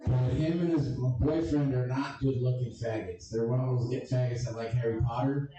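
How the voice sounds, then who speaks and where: A man's voice: mid-range voice, fairly even intonation, moderate pace, mellow, lo-fi sound, soft background music. A man doing a stand-up comedy set with crude, abrasive and self-deprecating jokes. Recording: echoey room, distant mic, crowd audible.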